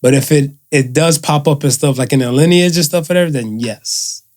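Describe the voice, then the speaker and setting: With a slightly high, slightly mellow voice and a fairly quick delivery, a man co-hosts a casual podcast. He tends to ramble, leaning on filler like "and stuff."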